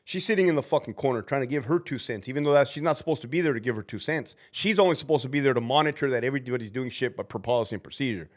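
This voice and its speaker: Racing along with few pauses, this medium-pitched man, once a prison officer, chats on his casual livestream about use of force. His storytelling is animated, blunt and full of profanity.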